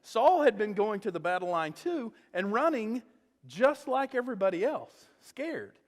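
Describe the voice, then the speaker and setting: Pastor guy retelling a bible story, lots of "okay?", fairly high voice, big echoey church. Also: unhurried. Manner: animated storytelling, frequent "okay?" check-ins. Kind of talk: sermon.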